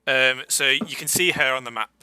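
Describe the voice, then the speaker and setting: A man running a tabletop game as game master, narrating with lots of stops and fillers. His voice is very bright and sharp. The sound is dry, close to the mic. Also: medium pitch, normal speed, clean tone, no echo. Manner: hesitant, filler-heavy narration.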